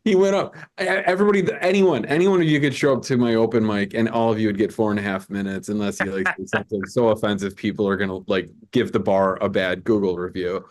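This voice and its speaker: Rambling male comedy host. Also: fairly low pitch. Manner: rambling, stammering restarts, quick asides. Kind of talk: casual live-stream banter. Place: video call from home. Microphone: video call mic.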